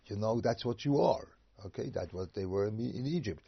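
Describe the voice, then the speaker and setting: A man giving an informal Torah lecture, animated and rhetorical, sometimes acting out voices. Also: medium pitch, fairly quick, creaky, husky. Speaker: rabbi giving a Torah talk. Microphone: video call. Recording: dull lo-fi video call audio.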